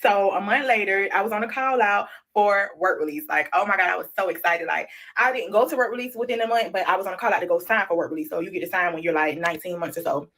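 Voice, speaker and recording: A woman, telling her story at a quick clip. She is animated and slangy and keeps calling her viewers y'all and child. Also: medium pitch. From Florida, USA. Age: 30s. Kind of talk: casual storytime chat.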